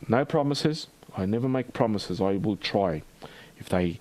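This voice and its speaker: An Australian man hosting a livestream in a rambling, halting chat full of fillers and restarts. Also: mid-range voice, very animated, noisy background. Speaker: livestream host.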